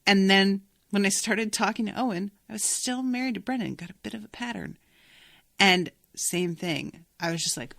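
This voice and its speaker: A woman's voice: mid-range voice, moderate pace, creaky, a bit bright, no room sound, clean studio sound. A young adult woman hosting a casual book-discussion podcast, talking in a chatty way and swearing freely. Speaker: podcast host.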